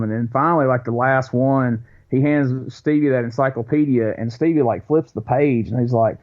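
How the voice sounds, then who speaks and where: A man on a podcast, telling stories in animated bursts in a casual chat. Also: medium pitch, highs cut off. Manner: animated storyteller, quick bursts, acts out quotes. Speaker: podcast co-host.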